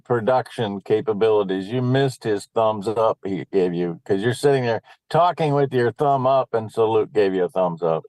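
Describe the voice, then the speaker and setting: A man's voice: fairly low pitch, normal speed, hardly any pauses, darkish tone, dry recording. A man hosting a talk show, chatting in an easygoing, joking way. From Nebraska. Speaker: host. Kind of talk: casual talk show chat.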